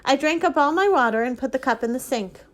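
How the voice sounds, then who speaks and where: A woman, a librarian, reading a children's novel aloud in a steady, expressive way. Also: high voice, fast. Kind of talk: storybook reading.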